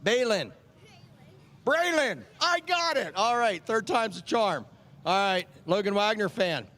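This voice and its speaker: This track chaplain's voice is high, bright and forceful, expressive yet a little slow. Outdoors at a speedway, he banters casually with kids on the PA, says their names back to them, and hands over ice cream vouchers.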